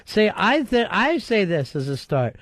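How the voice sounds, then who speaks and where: A man's voice: high-pitched, big pitch swings, a little slow, fairly bright tone, slight background noise. A man hosting a talk radio show, blunt and profane, needling his co-host. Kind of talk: casual talk radio chat.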